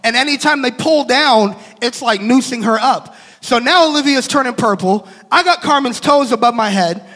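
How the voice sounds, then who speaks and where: A young man with a very high, bright voice tells a story from the pulpit, animated and quick to laugh as he acts out each person's lines. His voice rings with the long reverb of a large hall. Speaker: pastor. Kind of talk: storytelling sermon.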